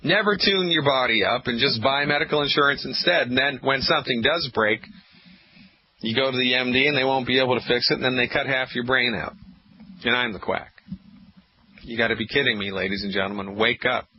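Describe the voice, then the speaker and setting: A man's voice: mid-range voice, a little fast. A man hosting a call-in radio health show, emphatic and preachy, repeating lines for effect. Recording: muffled lo-fi radio audio.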